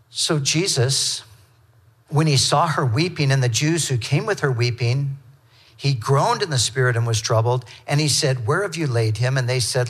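Guy preaching, earnest and conversational, reads scripture in between, mid-pitched voice. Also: fairly bright tone, husky. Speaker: pastor. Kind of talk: sermon.

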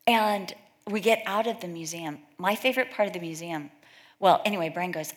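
Her voice sits fairly low and moves at a normal pace. She's a middle-aged Californian addressing a women's Bible study informally, telling chatty stories and acting out other people's words as she quotes them.

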